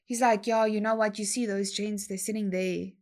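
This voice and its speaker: A young adult woman, telling a story in a slangy, animated way and acting out other people's lines. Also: medium pitch, normal speed. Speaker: guest DJ. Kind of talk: casual storytelling chat.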